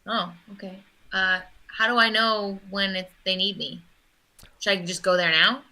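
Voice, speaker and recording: A woman playing a tabletop game, chatty and casual, full of questions for the game master. Her voice is very bright and sharp-edged at an everyday pitch. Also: fairly even intonation, normal speed, low-quality recording. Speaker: player.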